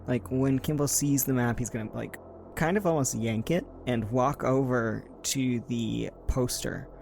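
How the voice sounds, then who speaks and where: A man's voice: medium pitch, measured pace, creaky, darkish tone, soft background music. A man playing a tabletop game, casually describing his character's actions with lots of "like".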